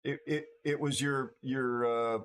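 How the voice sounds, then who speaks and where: A tired older American man hosting a casual livestream chat, rambling and halting with many restarts and fillers. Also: mid-range voice, fairly even intonation, a bit bright, clear, resonant tone. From United States. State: tired from no sleep. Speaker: livestream host.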